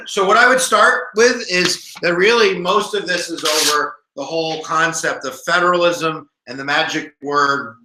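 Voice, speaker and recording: An American man in his forties, a former history teacher, giving a jokey, animated live exam review to viewers online. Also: a little high, unhurried, echoey room, slight background noise, low-quality recording.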